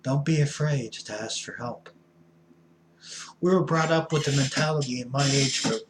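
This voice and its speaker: A man's voice: fairly high pitch, animated, moderate pace, noisy background. A middle-aged man giving a blunt, folksy recovery talk as an addiction counselor, preachy and punching certain words hard. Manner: blunt, folksy, preachy with sudden loud emphasis.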